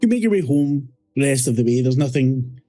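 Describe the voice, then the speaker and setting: A man narrating a horror tabletop game as game master, relaxed and descriptive with frequent pauses. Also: medium pitch, faint music behind.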